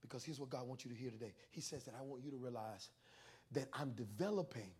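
A male pastor preaching a sermon with comic stories, animated, with stammering restarts that build into shouts. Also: mid-range voice, quick pace, husky.

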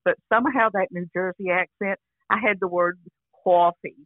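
An older actress chatting casually as an interview guest over a phone line, rambling with restarts and frequent "you know". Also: female voice, mid-range voice, brisk, no room sound. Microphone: phone call.

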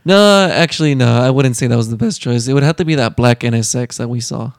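A man chatting casually about a car show, relaxed and plain-spoken, swearing now and then. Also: mid-range voice, fast talker, no echo, studio quality. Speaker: co-host. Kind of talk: casual chat.

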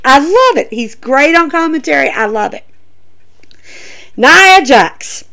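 Chatty woman doing a wrestling recap, high voice that swoops around a lot. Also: fairly bright tone. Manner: chatty, emphatic, addresses viewers as guys. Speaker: wrestling show reviewer. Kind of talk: casual opinion vlog.

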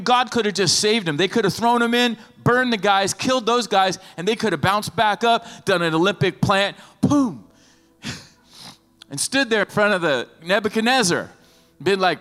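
A man preaching a sermon as pastor in an animated, lively way, often acting out the voices of the people in his stories. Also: fairly high pitch. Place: church sanctuary. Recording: long hall reverb with faint music.

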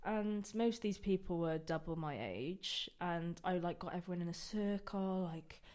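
A woman's voice: lowish voice, moderate pace. Hungover young woman telling stories. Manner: animated, candid storytelling with swearing and laughter. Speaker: guest dance instructor. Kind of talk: casual podcast chat.

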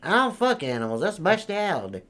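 A man's voice: high voice, wildly swooping pitch, fairly quick, bright, forceful tone, full character voice. A man playing a crude boastful trailer park guy. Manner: profane, boastful, rambling. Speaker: comedy character. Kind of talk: improvised comedy sketch.

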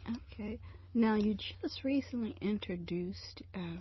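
A woman's voice: mid-range voice, slow pace, breathy edge, dull audio. A woman interviewing a guest in a playful, chatty way, sometimes dropping to a whisper. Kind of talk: casual interview.

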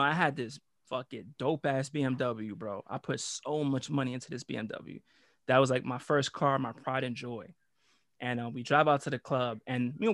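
A young American man casually telling a wild story, animated and full of profane slang. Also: mid-range voice, no echo, clean studio sound. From United States. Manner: animated, profane street slang, acts out quotes.

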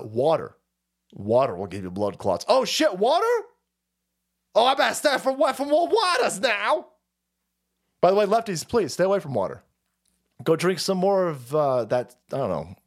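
A man hosting a livestream, ranting in a mocking, sarcastic, foul-mouthed way and sliding into mock voices. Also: fairly high pitch. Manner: animated, swings into mock voices. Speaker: livestream host. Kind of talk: profane political commentary rant.

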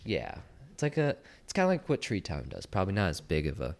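A young man co-hosting a podcast, telling a story in a casual, animated way and acting out the voices of the people in it. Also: sits low, fast. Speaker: podcast co-host.

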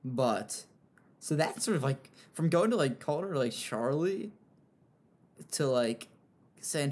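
Young guy rambling thru some internet drama, tons of "like"s, mid-pitched voice. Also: unhurried. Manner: rambling, heavy use of "like", animated asides. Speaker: commentary host. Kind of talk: casual drama commentary.

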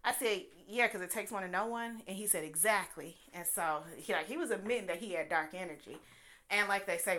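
Bright-voiced woman telling a story. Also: medium pitch. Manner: candid, animated retelling with quoted dialogue. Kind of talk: casual storytelling.

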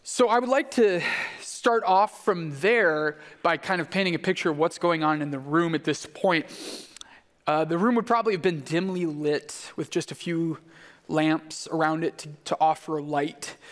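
Guy preaching, storytelling mode, pretty high voice, big echoey hall. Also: moderate pace. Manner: storytelling, acting out quoted voices. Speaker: pastor. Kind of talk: sermon. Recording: long hall reverb.

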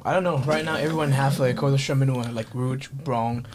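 A man who owns a wine bar, chatting casually over wine, relaxed and halting, often trailing off and restarting. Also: mid-range voice, a crowd in the background. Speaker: wine bar owner, guest.

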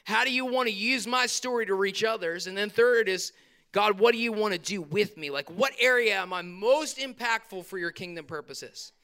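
A pastor delivers a lively sermon from the pulpit in a church hall, his high voice smooth and clear. He swings between loud, fired-up bursts and quick, casual asides to the congregation.

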